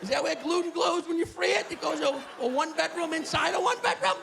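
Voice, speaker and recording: A comedian playing an old retired New Yorker who rants loudly about rent. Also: male voice, extremely high pitch, sing-song, a little slow, creaky, very noisy, full character voice. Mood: outraged. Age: older. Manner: shouting, outraged ranting. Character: old-timey retired male New Yorker, loud and indignant. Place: apartment with live audience. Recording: live apartment crowd. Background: small audience laughing.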